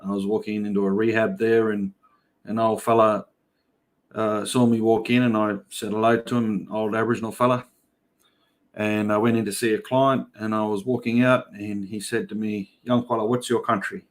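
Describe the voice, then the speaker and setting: A middle-aged Australian man talks casually on a livestream, answering viewers by name and spinning loose, chatty stories. His voice sits a little low. He has an easygoing, yarning manner. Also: level tone, normal speed. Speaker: livestream host. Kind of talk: casual livestream chat reading comments.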